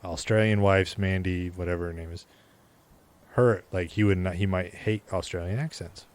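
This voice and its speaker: A man's voice: low-pitched, fairly even intonation, normal speed, a little mellow. A man from the American Midwest, co-hosting a podcast, who explains his view in a matter-of-fact way in casual chat. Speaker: podcast co-host.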